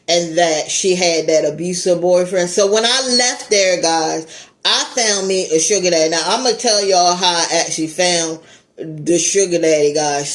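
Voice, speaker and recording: A woman YouTuber with a lowish voice tells a casual story time straight to her viewers. She's animated, laughing and swearing as she goes.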